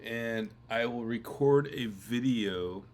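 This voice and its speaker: A man co-hosting a casual chat while he has the hiccups, talking in a halting, apologetic way with many restarts. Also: mid-range voice, darkish tone. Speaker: co-host.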